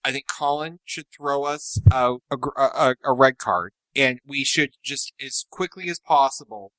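Podcast co-host, storyteller, mid pitch, dry close sound, loves doing quoted voices. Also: moderate pace, no echo. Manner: animated, jumps into exaggerated voices for quoted people. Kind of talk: casual storytelling chat.

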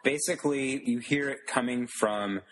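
A man narrating as game master of a tabletop role-playing game in a relaxed, chatty way. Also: medium pitch, normal speed.

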